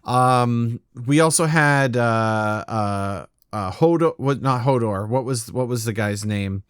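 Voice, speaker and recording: A man's voice: medium pitch, slow pace, clean tone, no echo, clean studio sound. A man hosting a tabletop gaming podcast, chatting casually and rambling with frequent restarts. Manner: rambling, restarts, laughs often. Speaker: podcast host. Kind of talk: casual chat.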